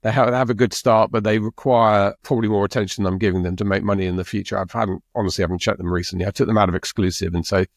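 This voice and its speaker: Middle-aged male co-host, very low voice, dry sound, halting casual delivery. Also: fairly even intonation, dry recording. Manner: halting, with frequent restarts. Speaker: podcast co-host. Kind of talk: casual chat.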